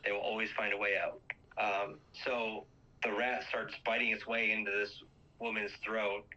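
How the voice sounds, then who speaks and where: A man's voice: on the low side, flat delivery, normal speed, sharp tone, lo-fi sound, slight background noise. A man casually retelling a movie's plot, rambling with lots of fillers and acting out quoted lines.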